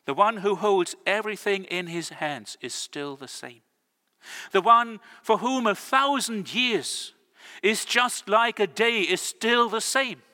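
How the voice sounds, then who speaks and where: A man preaching a sermon, earnest and measured, slowing his words down for emphasis. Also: high voice, expressive, sharp tone. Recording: long church reverb.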